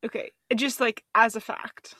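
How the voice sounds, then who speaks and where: A woman podcast host asking quick curious questions in casual chat. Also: on the high side, fairly even intonation, pushed and bright.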